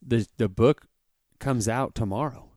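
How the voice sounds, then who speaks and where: A man's voice: medium pitch, unhurried, a little mellow, no echo, clean studio sound. A man co-hosting a podcast, chatting casually and laughing easily. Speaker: podcast co-host.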